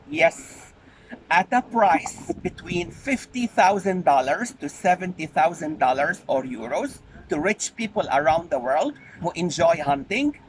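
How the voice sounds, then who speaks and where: A man making an earnest, pleading spoken appeal for animal welfare, repeating his key points. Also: on the high side. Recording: noisy background.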